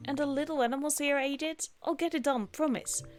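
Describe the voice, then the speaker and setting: A woman voicing a brash, excitable little one-eyed male monster who talks loudly and dramatically. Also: high-pitched, brisk, soft background music, close to an everyday voice. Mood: defiant. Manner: loud, boastful, dramatic outbursts.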